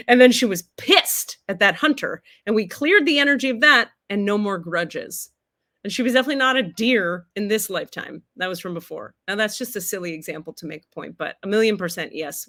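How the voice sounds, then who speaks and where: A woman hosting a live-streamed spiritual teaching with comedy, animated and swearing casually, with big emphatic swings in pitch and loudness as she answers questions.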